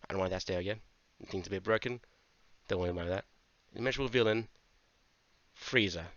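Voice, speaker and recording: A man giving a casual manga review, animated, swearing freely and going off on tangents. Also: low voice, fast talker, no echo. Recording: dull lo-fi dry mic.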